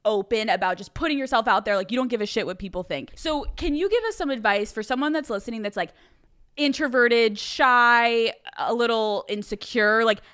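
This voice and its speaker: A woman's voice: on the high side, fairly quick, a bit bright, smooth. A woman from outside Philadelphia hosting a podcast, chatting casually and swearing freely. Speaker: podcast host. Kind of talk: casual interview chat.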